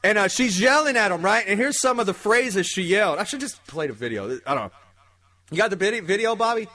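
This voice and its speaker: A man's voice: high-pitched, animated, fairly quick, bright, forceful tone, dry recording. A man hosting his own podcast, rambling casually and jokingly, reading out news with plenty of swearing. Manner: loose, rambling, profane, jokey. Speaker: podcast host. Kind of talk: casual comedic podcast talk.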